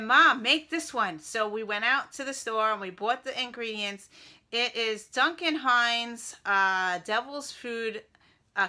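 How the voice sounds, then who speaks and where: Bright, chatty middle-aged woman vlogger. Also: a little high. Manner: rambling and chatty, with many fillers. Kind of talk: casual vlog chat.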